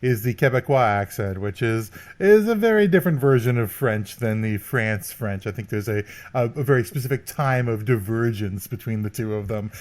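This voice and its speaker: A man's voice: medium pitch, moderate pace, hardly any pauses, darkish tone. Wry Canadian man co-hosting a podcast. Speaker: podcast co-host. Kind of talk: casual chat.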